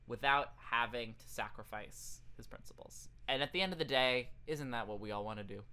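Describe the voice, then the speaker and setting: A man co-hosting a podcast, chatting in an animated, profane, joking way. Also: mid-range voice, brisk, smooth. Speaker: podcast co-host. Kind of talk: casual chat.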